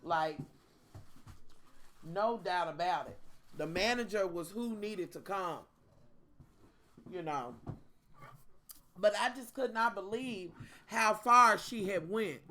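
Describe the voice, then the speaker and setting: Vlogger, sassy profane storytime rant, bright tone, speaks straight to viewers. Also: mid-range voice, lively intonation, slow, long pauses, a little hiss or hum. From Kentucky.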